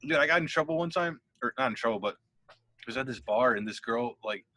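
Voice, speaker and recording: A man's voice: medium pitch, expressive, quick pace, bright, forceful tone, dry recording. A young man co-hosting a podcast, telling a rambling story in casual chat, swearing freely and laughing as he goes. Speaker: podcast co-host.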